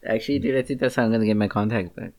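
A man's voice: fairly low pitch, rapid-fire, darkish tone. A man in casual chat, blunt and laid-back, swearing casually.

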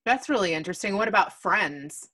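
A woman's voice: medium pitch, expressive, a little fast, bright, forceful tone, breathy edge. A woman hosting a casual interview, asking curious follow-up questions. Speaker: host.

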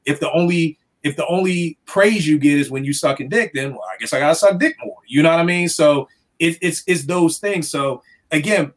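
A man's voice: a little high, brisk. A man from the DC area, a youth counselor telling stories in a casual podcast chat, acting out what people said and swearing freely. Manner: animated storyteller acting out quotes, swears freely. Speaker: youth counselor and music producer.

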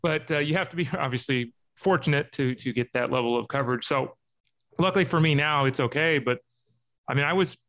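A man's voice: medium pitch, fairly quick, fairly bright tone. Hesitant man in his forties. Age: 40s. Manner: hesitant, filler-heavy. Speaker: podcast guest. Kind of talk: casual podcast chat.

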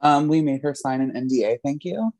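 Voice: medium pitch, a little fast, mellow. A podcast guest telling a laid-back story in a casual chat.

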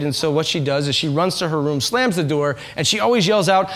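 A man's voice: on the high side, expressive, fast talker, few pauses, a bit bright. A man preaching a conversational sermon to a congregation, asking them questions and acting out quoted voices. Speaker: pastor. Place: church in front of a congregation.

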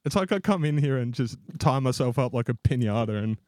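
A young podcast co-host tells a long, self-mocking story, rambling casually and laughing as he goes. His medium-pitched, darkish voice has lively intonation and a slightly fast pace, recorded with clean studio sound and no room echo.

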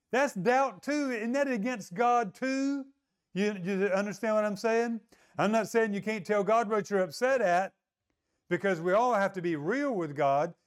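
A male pastor preaching a sermon in a conversational way, often asking the congregation to agree. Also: high-pitched.

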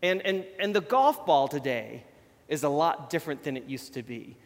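A man's voice: a little high, lively intonation, moderate pace, big-room sound. A man preaching a conversational sermon in a chatty, self-deprecating way. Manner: chatty, self-deprecating, shows props while talking.

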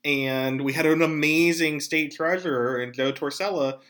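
A man hosting a podcast, talking casually about politics with animated, jokey asides. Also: a little high, moderate pace. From Pennsylvania. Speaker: podcast host.

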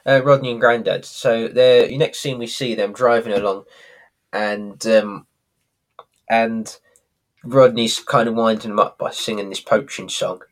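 A man's voice: fairly low pitch, steady tone, unhurried. A man co-hosting a podcast, recapping a sitcom episode in rambling casual chat. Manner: rambling, with restarts and laughs. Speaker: podcast co-host.

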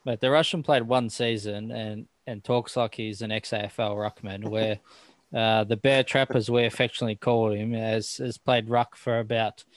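A man hosting a casual podcast interview, laid-back and quick to laugh. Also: lowish voice, fairly even intonation, no echo. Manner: laid-back, laughs easily, says mate. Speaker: podcast host.

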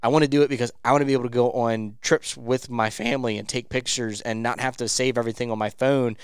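Smooth-voiced man in casual chat. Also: medium pitch, fairly even intonation, quick pace, dry recording, studio quality. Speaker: podcast co-host.

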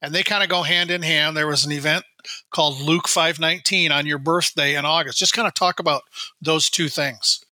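Male host, very bright tone, higher pitch, dry close sound. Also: steady tone, a little fast, dry recording. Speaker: sports writer, podcast host. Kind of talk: interview questions.

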